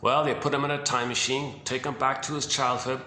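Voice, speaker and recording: A man's voice: medium pitch, level tone, fairly quick, bright, forceful tone. A man giving a rambling, casual talk about psychology, thinking aloud with many restarts. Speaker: video host. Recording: roomy echo with faint hiss.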